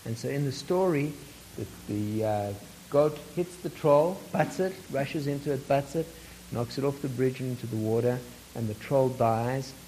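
A man's voice: mid-range voice, moderate pace, dark tone, slight background noise, poor audio. Chuckling man leading a workshop group. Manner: chuckles often, asks the group questions. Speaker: workshop facilitator. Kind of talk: teaching a workshop with storytelling.

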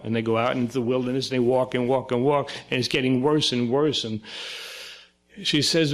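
A man's voice: medium pitch, moderate pace. Older Brooklyn man lecturing, storytelling. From Brooklyn, New York. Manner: conversational, acts out quoted voices. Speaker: psychoanalyst lecturer.

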